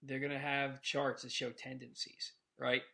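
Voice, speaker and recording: A man co-hosts a casual sports podcast with a bright, ringing voice. He rambles and gets animated, restarting his sentences and repeating words as he works himself up. His pitch sits at a middling level for a man. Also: a little slow. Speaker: podcast co-host.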